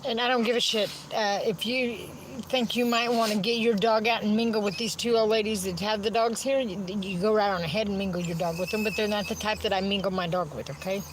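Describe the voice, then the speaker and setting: A woman ranting on a livestream, profane and repetitive, swinging from wry laughter to shouting. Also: medium pitch, steady tone, fairly quick, few pauses, noisy background. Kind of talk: angry livestream rant.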